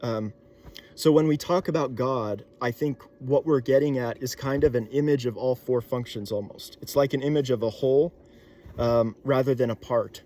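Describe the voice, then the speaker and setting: Thinking out loud in an easygoing way, this young man speaks at a medium pitch with a warm tone. His talk is full of filler pauses and restarted sentences.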